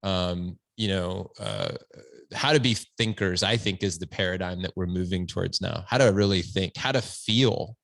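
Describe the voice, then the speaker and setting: A man's voice: low-pitched, normal speed, gravelly, a bit bright, dry recording. A man talking as a podcast guest, earnest and reflective, often restarting his phrases. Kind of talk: conversational interview. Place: at home, standing.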